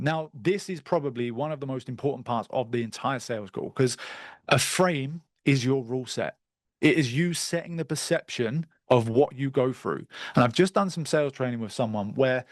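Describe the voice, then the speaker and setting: A man teaching a live online sales masterclass over a video call, direct and brisk, with the odd bit of crude slang. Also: mid-range voice, no room sound. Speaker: sales trainer.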